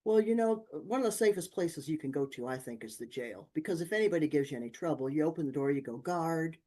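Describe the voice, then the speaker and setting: A woman guest on an interview show, telling lively personal stories and acting out the people in them. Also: deep voice, quick pace. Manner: lively anecdotes with acted-out quotes. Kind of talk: conversational storytelling.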